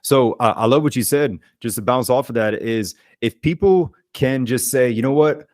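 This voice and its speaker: A man's voice: medium pitch, normal speed, no room sound, studio quality. A man, a guest on a podcast talking casually and energetically, often acting out what people say. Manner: energetic, acts out quoted speech. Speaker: podcast guest, life coach. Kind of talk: casual interview chat.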